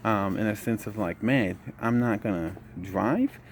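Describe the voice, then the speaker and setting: Young male vlogger, tired, low voice, relaxed storytelling, faint noise floor. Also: a little slow. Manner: relaxed storytelling, says "man" a lot. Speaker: trucking vlogger. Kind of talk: casual vlog update.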